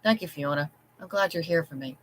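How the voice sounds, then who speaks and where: Reader doing a timid, scared wife, bright and pleading, storybook. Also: medium pitch, brisk, a little hiss or hum, close to an everyday voice, poor audio. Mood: tearful. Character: frightened gentle small wife.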